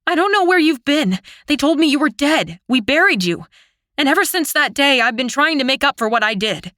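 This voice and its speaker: A woman's voice: high voice, big pitch swings, unhurried, fairly bright tone, dry recording, clean studio sound, voice pushed up, heavily acted. A woman voicing a guilt-ridden young female fairy who pleads urgently in an audiobook. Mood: desperate pleading.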